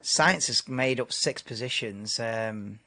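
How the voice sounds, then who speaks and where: A man's voice: mid-range voice, takes it slowly, bright, forceful tone. A man hosting a live race watchalong stream, chatting casually and laid-back over the broadcast.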